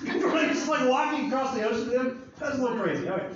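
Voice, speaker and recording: High-voiced joking pastor, echoey hall. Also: male voice, fairly quick, hardly any pauses, a bit bright, a little hiss or hum. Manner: joking, conversational, acts out Bible scenes. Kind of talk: casual sermon. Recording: far-off echoey hall, dull sound.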